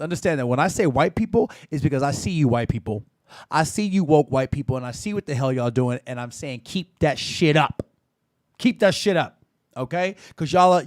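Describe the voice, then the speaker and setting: A man in his thirties hosting a live call-in show, chatty and animated, swearing and laughing often. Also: a little high, no echo, clean studio sound. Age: 30s. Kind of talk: casual live-stream talk.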